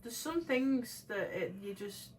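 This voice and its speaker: A woman's voice: fairly high pitch, lively intonation, slow pace, a little hiss or hum, rough recording. A young woman co-hosting a casual chat, blunt and sweary with exasperated reactions. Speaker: co-host.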